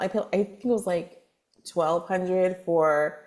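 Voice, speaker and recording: A woman from Texas, a spiritual advisor guest, telling her story in a chatty, lively podcast interview with lots of fillers. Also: fairly low pitch, unhurried. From Texas, USA.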